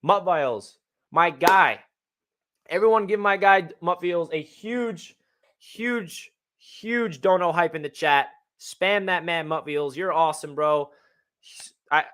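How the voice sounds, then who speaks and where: A man hosting a casual sports fan livestream, talking in a hyped, excitable way. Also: fairly high pitch, a little slow, clear, resonant tone.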